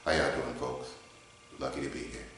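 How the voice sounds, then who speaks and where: Quiet, mild male debater, very low and soft, measured and hesitant, echoey garage, put on by a man. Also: steady tone.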